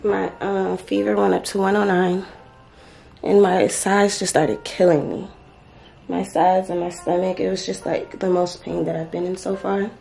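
A tired, out-of-breath woman talking casually and softly to her viewers in a vlog. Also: fairly low pitch, level tone, moderate pace, vocal fry, soft background music. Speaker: vlogger. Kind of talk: casual vlog chat to camera.

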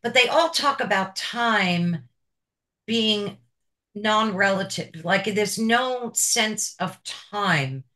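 A woman's voice: mid-range voice, expressive, drawn-out words, sharp tone. A woman hosting an interview show, asking her guest questions in a chatty, personal way. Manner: chatty, personal, with filler repeats. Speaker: podcast host.

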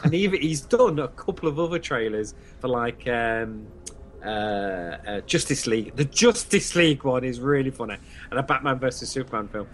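A man's voice: mid-range voice, animated, moderate pace, a little hiss or hum. A man co-hosting a fan podcast, chatting enthusiastically, repeating himself with plenty of fillers. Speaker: podcast co-host. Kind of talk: casual podcast chat.

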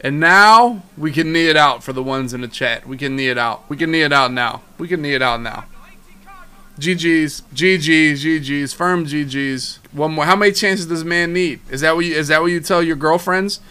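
Streaming a football video game, a young man fires off hyped, trash-talking commentary to his chat, repeating himself as he goes. His voice is a little high, pushed and bright, clear and resonant, at a moderate pace.

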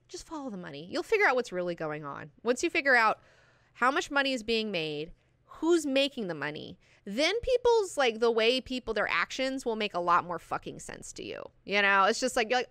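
A woman's voice: medium pitch, sing-song, normal speed, fairly bright tone, dry recording, clean studio sound. A young adult woman hosting a book club, talking through the plot in a chatty, profane, enthusiastic way full of likes and fillers. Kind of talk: casual book discussion lesson.

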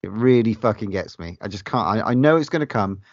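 A man's voice: lowish voice, animated, brisk, no echo. A man co-hosting a horror podcast, talking casually and animatedly, swearing heavily. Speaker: podcast co-host. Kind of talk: casual chat. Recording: dry, muffled podcast audio.

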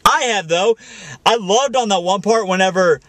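A man's voice: high voice, sharp tone, a little hiss or hum. A young man vlogging casually with a friend, joking and talking to viewers, outdoors and in a car on a rainy day. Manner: joking, speaks to viewers, bursts into fast talk. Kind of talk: casual chat.

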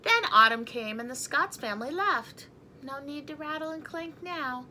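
Reading a picture book aloud in a chatty way, a woman keeps breaking off to talk to her cat and laugh. Her high-pitched voice is expressive and sharp in tone at a moderate pace, with a little hiss or hum in the background.

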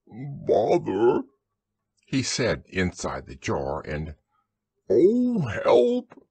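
A man narrating a bedtime children's audiobook in a soothing, expressive storytelling manner. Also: sits low, breathy edge, dry recording.

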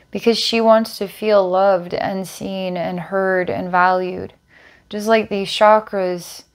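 Slow, calm woman narrating a healing vision. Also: fairly low pitch, clear, resonant tone. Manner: calm, descriptive, storytelling visions. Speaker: psychic healer. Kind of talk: guided psychic healing narration.

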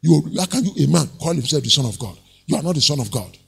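A male pastor preaching an animated sermon, acting out quoted voices and chuckling often. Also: on the high side, quick pace, creaky, husky, in a large hall.

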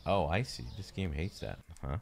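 A man's voice: low-pitched, sing-song, normal speed, vocal fry, slight background noise. A man streaming himself playing a game, chatting casually, mocking himself and swearing now and then.

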